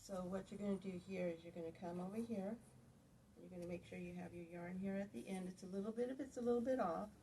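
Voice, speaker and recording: A woman's voice: medium pitch, fast talker, warm tone, slight background noise, low-quality recording. Woman walking through a craft step by step. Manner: step-by-step, repeats "you're gonna". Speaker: knitting instructor. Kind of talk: hands-on craft demonstration.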